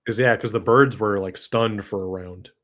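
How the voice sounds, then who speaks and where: A man's voice: fairly low pitch, fairly even intonation, normal speed, a bit bright. Man, tabletop player, playful and stumbling. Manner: joking, stammering. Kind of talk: casual tabletop play.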